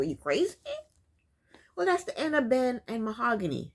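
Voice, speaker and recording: A woman's voice: on the high side, huge pitch swings, normal speed, gravelly. A woman casually recapping a reality show, chatty and sassy, often breaking into laughs.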